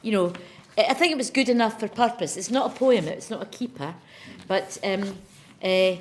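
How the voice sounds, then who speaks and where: A woman with a Scottish accent speaking as a poet in an on-stage interview. She talks in a chatty, animated way and reads verse with strong emphasis. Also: medium pitch, normal speed, slight background noise. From Scotland. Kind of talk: conversational chat and poetry reading.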